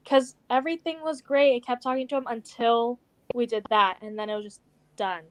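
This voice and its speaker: A woman's voice: a little high, steady tone, a little fast, no room sound, poor audio. A woman in her twenties telling a story in casual chat, full of "like"s and acted-out quotes. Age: 20s. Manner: chatty, many "like"s, acts out quotes. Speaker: co-host.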